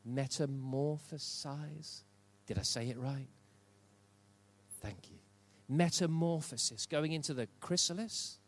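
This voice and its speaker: A man's voice: on the high side, animated, unhurried. An older man preaching a sermon in church, emphatic and repeating key phrases for stress. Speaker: pastor.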